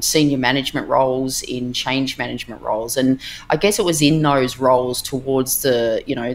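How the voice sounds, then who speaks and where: A middle-aged Australian woman speaking as a guest in a casual interview, chatty, with frequent fillers and restarts. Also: a bass voice. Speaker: podcast guest.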